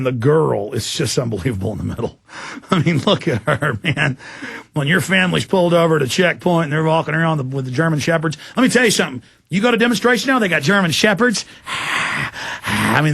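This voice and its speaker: Fired-up talk radio guy ranting, gravelly voice, dry close sound. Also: a little high, fairly bright tone, no room sound. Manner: impassioned, ranting. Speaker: talk show host. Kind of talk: political talk radio monologue.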